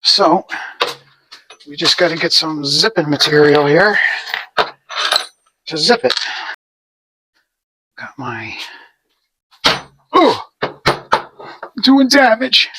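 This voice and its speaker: A man's voice: fairly high pitch, animated, slow, pauses often, bright, forceful tone, slight background noise. A man hosting a casual do-it-yourself video, talking through his work in a rambling, self-deprecating way in his home garage. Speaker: DIY video host. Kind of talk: casual how-to narration while working.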